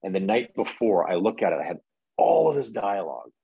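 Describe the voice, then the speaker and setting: A man with a very low, husky voice talks through his acting stories in a relaxed interview. He rambles and restarts often, recorded close and dry. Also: brisk, no echo, narrow, tinny audio. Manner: rambling, many fillers and restarts. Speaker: actor, interview guest. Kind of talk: casual interview storytelling.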